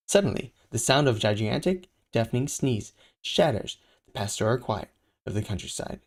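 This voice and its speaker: A channel host reading a comic book aloud live, switching into character voices with quieter aside comments. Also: mid-range voice, animated, measured pace.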